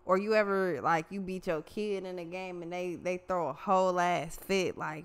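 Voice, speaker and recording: Woman tarot reader, fairly low voice, foul-mouthed, slangy, lively casual delivery. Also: normal speed, hardly any pauses, clear, resonant tone. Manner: profane, slangy and animated.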